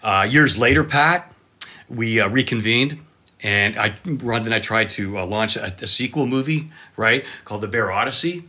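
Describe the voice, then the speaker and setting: A man in his fifties, a cameraman guest telling animated, excitable stories full of exclamations. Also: fairly low pitch, moderate pace. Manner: excitable, dramatic storyteller with exclamations and laughs.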